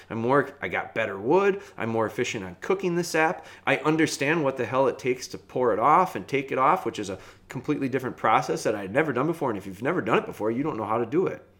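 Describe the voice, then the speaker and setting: A man in the middle of his pitch range tells a long personal story at his own easy pace. He rambles, circles back to correct himself and laughs at his own missteps, like a host chatting on his podcast. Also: fairly bright tone. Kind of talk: casual storytelling.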